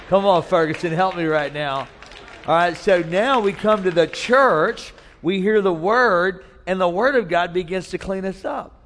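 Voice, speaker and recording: A man's voice: high-pitched, a little slow, a bit bright, big-room sound, slight background noise. A man preaching a sermon, telling a funny personal story and acting out voices for laughs. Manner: storytelling with humor, acts out voices. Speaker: pastor.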